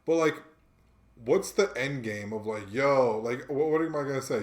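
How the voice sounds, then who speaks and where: A man's voice: medium pitch, moderate pace. A young man co-hosting a podcast, spinning slangy stories and putting on the voices of the people in them. His voice sits in the middle of the range for a man. The room around him is echoey. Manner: animated storyteller, slangy, acts out quotes. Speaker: podcast co-host. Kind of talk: casual chat, storytelling.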